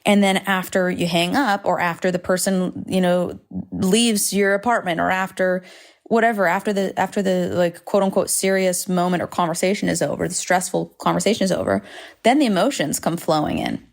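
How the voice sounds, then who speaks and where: In a gravelly, fairly low voice at a moderate pace, a woman in her thirties delivers a candid monologue on her solo podcast. She's frank and rambling, swears, and makes jokes at her own expense, while planes pass over her home recording space.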